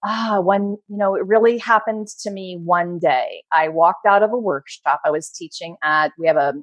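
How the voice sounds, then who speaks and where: A woman's voice: fairly low pitch, moderate pace, dry recording. Passionate middle-aged woman, motivational. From Maryland, USA. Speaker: guest. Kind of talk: casual interview chat.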